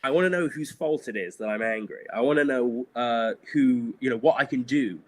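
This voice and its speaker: A man's voice: medium pitch, brisk. A middle-aged man, a guest animator, talking candidly in a casual interview, rambling with many fillers and frequent laughs.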